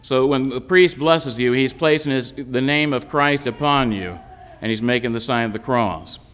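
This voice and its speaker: A man's voice: mid-range voice, normal speed, fairly bright tone, big-room sound. A man who is an Orthodox priest, giving a patient, explanatory sermon on a psalm with frequent restarts.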